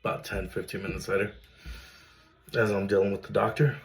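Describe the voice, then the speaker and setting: A man's voice: on the low side, flat delivery, a little fast, vocal fry, faint music behind, poor audio. A man, earnestly telling his own emotional story as a father, with many fillers. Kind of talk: personal storytelling to camera.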